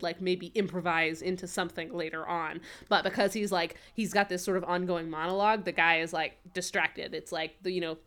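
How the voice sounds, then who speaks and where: A woman's voice: lowish voice, fairly bright tone, smooth. A woman co-hosting a podcast, casually recapping a TV episode in a rambling way with lots of fillers. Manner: rambling, filler-heavy recap with frequent laughs. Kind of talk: casual chat.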